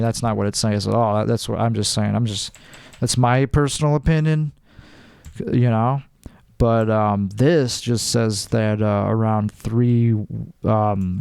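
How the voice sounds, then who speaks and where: Gravelly young man, rambling commentary. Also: medium pitch, darkish tone, no echo. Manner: joking, rambling, says "dude" often. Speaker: podcast host. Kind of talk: casual commentary reading an article aloud.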